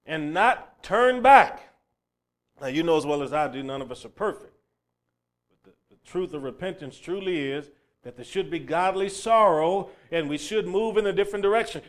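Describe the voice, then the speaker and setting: Animated, high-voiced male preacher. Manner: dramatic preaching, swings from loud calls to low asides. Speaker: pastor. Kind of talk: sermon.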